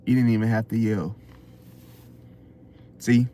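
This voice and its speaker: Slow-talking guy doing a preachy astrology monologue, keeps asking "see?". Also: mid-range voice, sing-song, pushed and bright. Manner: preachy, rhetorical questions, keeps saying "see?". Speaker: astrology channel host. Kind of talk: unscripted motivational monologue.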